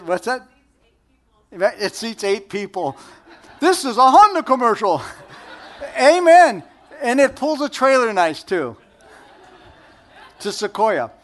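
A middle-aged man preaching a conversational sermon, joking and asking the audience questions. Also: sits high. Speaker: pastor.

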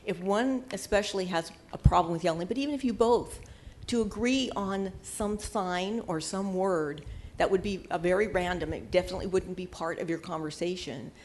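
A woman's voice: fairly low pitch, normal speed, a little mellow, slight background noise. An older woman giving casual marriage advice in an earnest, conversational way, at times searching for words. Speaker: marriage teacher.

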